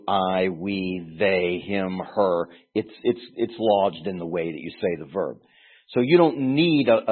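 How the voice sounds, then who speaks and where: A man's voice: sits low, slightly rough. A man teaching through a Bible passage in an earnest, explanatory way, often restarting phrases and pressing hard on key words. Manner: earnest, explanatory, with frequent restarts and emphatic stresses. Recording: tinny phone-like recording.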